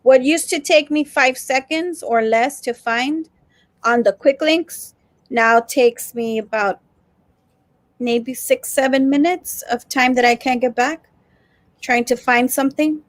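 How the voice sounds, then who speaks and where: Woman co-host, higher voice, dry close sound, chatty, casual livestream chat, addresses viewers by name. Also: slow, no echo.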